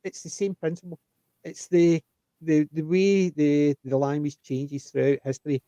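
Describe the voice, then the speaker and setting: A man explaining things in a rambling, animated way during a casual panel chat. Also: fairly high pitch, moderate pace, no room sound, rough recording.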